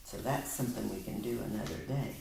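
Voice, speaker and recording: A woman with a very deep voice gives a patient one-on-one reading lesson, coaxing and slowing down to model words. She sits back from the microphone in an echoey room, and a faint hiss runs underneath. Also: vocal fry. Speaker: tutor. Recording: echoey room, mic at a distance.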